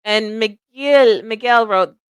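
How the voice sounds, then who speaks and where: Middle-aged woman, higher voice, self-deprecating livestream host, dry close mic. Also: takes it slowly, clear, resonant tone, no echo. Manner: rambling, self-deprecating, laughs often. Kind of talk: casual livestream chat.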